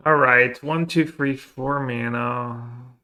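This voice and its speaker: A man's voice: mid-range voice, steady tone, slow pace, sharp tone. A man casually commenting on his own card game, muttering and thinking aloud as he plays. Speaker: streamer playing a card game.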